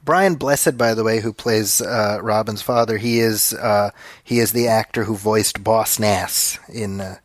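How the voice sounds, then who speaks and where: A man's voice: fairly low pitch, measured pace, no echo. A man co-hosting a casual movie commentary podcast, easygoing, padding his points with fillers and slipping in wry jokes. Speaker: podcast co-host.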